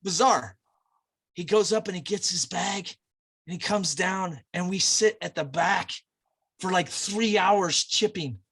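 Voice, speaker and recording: American dude on a podcast spinning a loose bar story, bright edgy voice, kinda high, lots of um and like. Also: male voice, a little slow, breathy edge. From United States. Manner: chatty storyteller, loose and full of fillers. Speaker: podcast guest. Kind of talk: rambling anecdote in casual chat.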